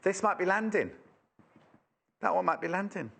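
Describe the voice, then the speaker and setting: A man's voice: sits high, normal speed, gravelly, a bit bright, husky. A man presenting fabrics live on a shopping channel, chatty and rambling as he exclaims over each one. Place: TV shopping studio.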